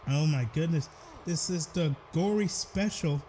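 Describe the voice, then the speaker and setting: Excitable young man calling wrestling. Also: on the high side, measured pace, a little hiss or hum. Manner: excitable, bursts into shouted exclamations. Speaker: video game commentator. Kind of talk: play-by-play wrestling commentary over a video game.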